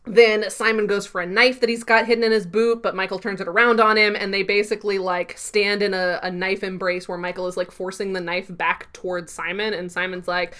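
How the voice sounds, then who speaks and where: A woman co-hosting a podcast, casually recapping a TV episode with lots of fillers and quick asides. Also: medium pitch, steady tone, fairly bright tone. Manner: chatty recap with frequent fillers and laughs. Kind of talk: casual chat.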